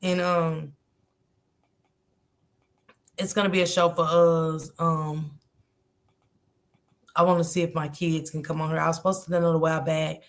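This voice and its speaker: A woman's voice: low-pitched, level tone, measured pace, pauses often. A woman hosting a casual livestream, chatting and greeting viewers by name in a slangy, chatty manner. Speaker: livestream host.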